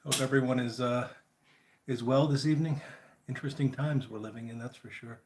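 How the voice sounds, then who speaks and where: A man's voice: medium pitch, brisk. A man with an ordinary mid-range voice hosts a casual live chat. He greets viewers one by one in an easygoing, friendly manner. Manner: chatty, greets viewers by name, relaxed and friendly. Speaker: livestream host.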